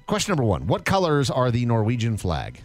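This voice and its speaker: Radio guy doing a quiz in the studio, teasing, pitch jumps around a lot. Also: normal speed, faint music behind. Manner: lively, teasing quizmaster. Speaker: radio host. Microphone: studio microphone.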